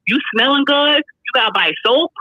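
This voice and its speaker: A woman calling in to a podcast, telling a dating story in an animated, sassy way. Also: sits high, normal speed, no echo, dull audio. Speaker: caller. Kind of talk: casual call-in storytelling.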